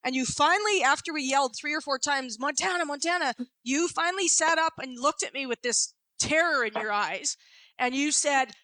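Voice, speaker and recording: High-voiced woman podcast host. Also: normal speed, no echo. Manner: animated storyteller, lively retelling. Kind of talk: conversational interview.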